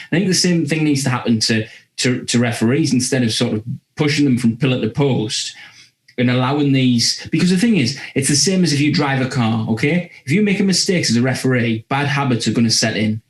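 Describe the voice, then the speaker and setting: A man on a podcast, calmly reasoning through his points in casual chat. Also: medium pitch, fairly quick. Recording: roomy echo.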